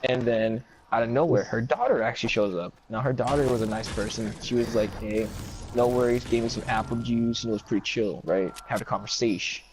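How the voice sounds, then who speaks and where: A man's voice: mid-range voice, brisk, a little mellow, a little hiss or hum, poor audio. A man telling a long comic story in casual chat, rambling and profane, acting out what others said.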